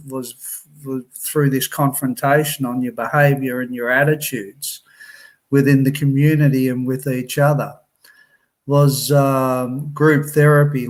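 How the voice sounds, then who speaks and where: A man telling his own life story in a halting way, full of restarts and repeated words, laughing wryly at his memories. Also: medium pitch. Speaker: person recounting his time in a residential program. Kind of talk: personal storytelling.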